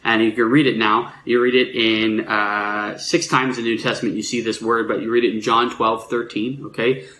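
A man giving a sermon in a relaxed, explanatory way, with frequent fillers and restarts. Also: lowish voice, normal speed, hardly any pauses, echoey room, a little hiss or hum, poor audio. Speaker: preacher.

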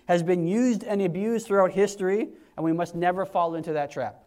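Preaching a sermon, a man in his forties speaks briskly in a fairly high voice. His style is animated and conversational, and he acts out quotes by dropping to a hush or rising sharply.

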